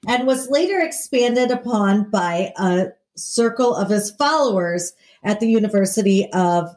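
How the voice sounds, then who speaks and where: A woman's voice: mid-range voice, animated, unhurried, darkish tone. A woman co-hosting a casual chat, playful and jokey, often laughing at her own lines. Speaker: podcast co-host.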